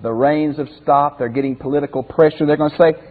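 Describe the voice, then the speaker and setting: A man's voice: fairly high pitch, steady tone, fast talker, big-room sound, phone-quality sound. A man teaching a Bible commentary lesson as a pastor in a folksy way, asking his listeners rhetorical questions.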